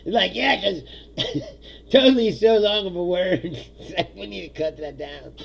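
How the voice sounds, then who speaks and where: Gravelly, sardonic man ranting on a livestream. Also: sits high, unhurried, muffled recording, a little hiss or hum. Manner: sardonic, laughs often, profane. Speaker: livestream host. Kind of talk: casual solo livestream rant. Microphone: streaming setup mic.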